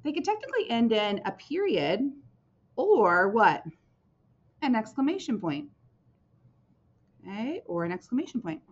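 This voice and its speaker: A woman with a fairly high pitch teaches young children in a lively, sing-song voice that swoops up and down. She often pauses to ask "right?" or "okay?", and the recording sounds dull and lo-fi.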